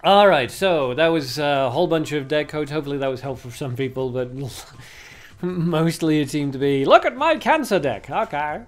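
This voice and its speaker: A man's voice: fairly high pitch, moderate pace. A man streaming a card game, chatting casually and thinking aloud with plenty of fillers. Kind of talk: casual livestream commentary.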